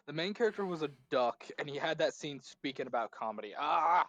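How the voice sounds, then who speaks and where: A man in casual chat as a tabletop game player, animated and jokey, slipping into quick comic voices. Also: on the high side, dull audio.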